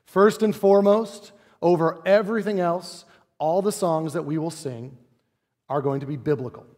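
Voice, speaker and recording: A man's voice: a little high, moderate pace, a little mellow, big-room sound. A pastor in his forties preaching a sermon in a conversational, playful way, often asking the congregation rhetorical questions. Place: church sanctuary.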